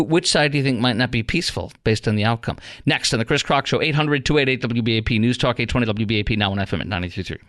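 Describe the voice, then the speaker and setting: A man's voice: medium pitch, a bit bright, no echo. A man hosting a radio talk show in a studio, ranting in a heated, mocking way with lots of fillers. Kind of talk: opinionated talk radio monologue.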